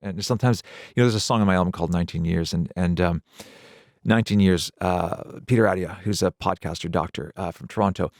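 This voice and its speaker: Low-voiced, thoughtful middle-aged man. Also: fast talker, a little mellow, no echo, clean studio sound. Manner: thoughtful, repeats words, laughs easily. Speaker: guest, pop producer and pianist. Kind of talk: casual radio interview. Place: radio studio.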